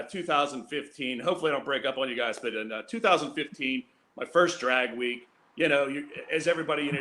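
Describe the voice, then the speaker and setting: A man's voice: a little high, sharp tone, slight background noise. Rambling man telling a road story. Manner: rambling, laughing storyteller with many fillers. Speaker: guest racer. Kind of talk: casual storytelling on a video call show.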